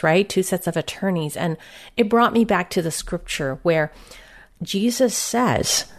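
A woman leading a guided Christian devotional meditation in a gentle, soothing and reflective way. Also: on the low side.

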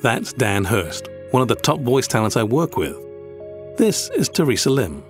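A British man narrates a scripted documentary, his voice rising and falling with lively intonation. He speaks in an explanatory way, at a middle pitch, with soft music playing behind him. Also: normal speed. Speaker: host and voice-over producer.

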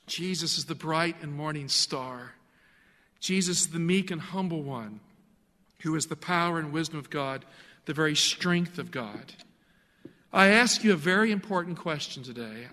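A man's voice: a little high, a bit bright, big-room sound. A man preaching a sermon in an earnest, emphatic way, asking the listener pointed questions.

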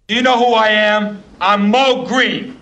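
A man's voice: high-pitched, measured pace, sharp tone, voice pushed up. A man doing a menacing film gangster boss. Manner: quoting a movie line in an impression.

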